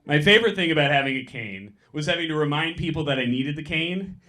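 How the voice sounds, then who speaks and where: A young man doing stand-up on a comedy club stage, talking into a handheld mic and delivering quick, deadpan punchlines. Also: a little high. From San Francisco. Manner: deadpan, quick punchlines, mock voices for bits.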